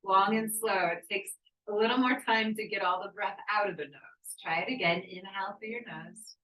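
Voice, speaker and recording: A woman yoga instructor guiding a breathwork class with calm, encouraging cues and slow counting. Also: medium pitch, roomy sound, recorded from a distance, poor audio. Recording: voice from off the mic.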